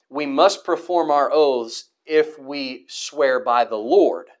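A man teaching a Bible study class, reading verses aloud and explaining them, with fillers and restarts. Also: medium pitch.

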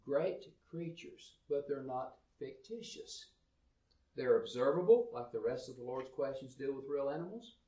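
A man's voice: fairly high pitch, warm tone, roomy sound, far from the mic, rough recording. A man teaching from the Bible, reading verses aloud with rising emphasis and then explaining them. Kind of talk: sermon-style Bible teaching.

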